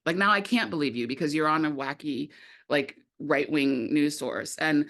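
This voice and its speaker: A woman filmmaker talking casually in an interview, animated and quick to act out what others said, with many "like" fillers. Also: medium pitch. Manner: animated, acts out quoted voices, many "like" fillers. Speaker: documentary filmmaker, guest.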